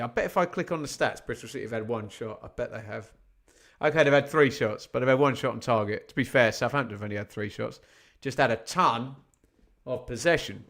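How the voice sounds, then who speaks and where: A man's voice: mid-range voice, lively intonation, normal speed, a bit bright. A man hosting a live football watch-along, chatting with viewers and reading out scores from other games. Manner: chatty, reads out scores, asks the chat rhetorical questions. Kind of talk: live fan commentary and chat.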